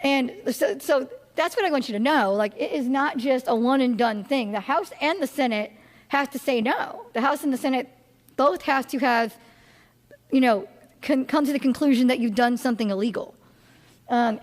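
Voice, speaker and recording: Woman, political science instructor, high voice, casual classroom delivery with fillers and restarts, long reverb around her. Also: normal speed. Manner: chatty, many fillers and restarts, asks the audience questions. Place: classroom or lecture hall.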